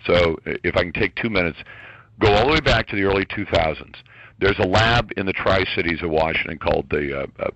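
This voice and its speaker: A man's voice: low-pitched, a bit bright, dry recording, muffled recording. A man speaking as a guest commentator on a radio talk show, ranting in a heated, emphatic way.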